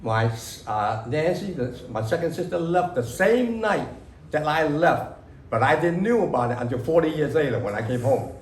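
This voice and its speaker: A man, an author recalling his past to a library audience, talking haltingly with many fillers and broken grammar. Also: fairly high pitch, lively intonation, a little hiss or hum. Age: 60s. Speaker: author at a book reading. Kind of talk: casual spoken memories to an audience. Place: library reading room. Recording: echoey room.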